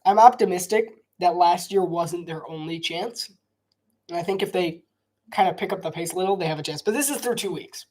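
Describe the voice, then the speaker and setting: A man's voice: high-pitched, brisk, darkish tone. A man doing casual live football commentary, rambling and restarting his sentences, coughing often. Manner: rambling, repeats himself, frequent restarts. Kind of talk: casual live play-by-play and opinion chat.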